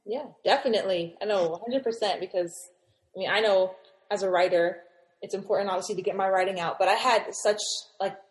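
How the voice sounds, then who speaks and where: A woman's voice: medium pitch, a little fast. Young woman host, upbeat and encouraging, echoey room sound. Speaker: host, moderator. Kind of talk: casual panel chat.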